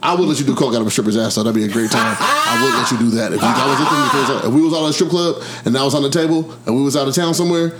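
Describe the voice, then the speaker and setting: A man's voice: mid-range voice, very fast, few pauses, heavy background noise. A man in casual podcast chat, teasing and joking in slang.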